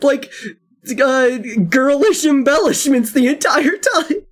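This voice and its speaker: Lively rambling streamer chatting while gaming. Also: takes it slowly. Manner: rambling, animated, laughs often; reads game text in a low flat tone. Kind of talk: casual chat while gaming.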